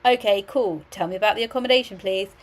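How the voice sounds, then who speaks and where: A woman's voice: mid-range voice, quick pace, close to an everyday voice. A woman voicing an eager young student calling a university, with short, keen replies.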